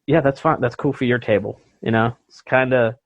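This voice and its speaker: Male podcast host, easygoing banter, chuckles a lot, medium pitch, muffled audio. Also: brisk, no room sound. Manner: joking, laughs often. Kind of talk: casual chat.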